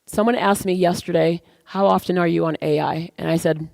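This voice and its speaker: Energetic woman guest speaker, animated talker, dry sound. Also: on the low side, fairly quick, gravelly, no echo. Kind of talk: stage talk. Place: event stage.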